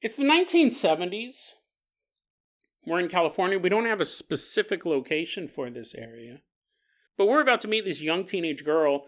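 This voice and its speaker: A podcast host in his forties rambles casually through stories, correcting himself and chuckling along the way. His voice sits high and is very animated, at a normal speed.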